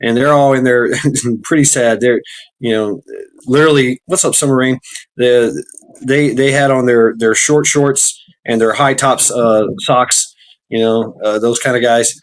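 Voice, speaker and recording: A man's voice: mid-range voice, steady tone. Rambling male podcast host. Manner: rambling, halting, many fillers. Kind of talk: casual chat.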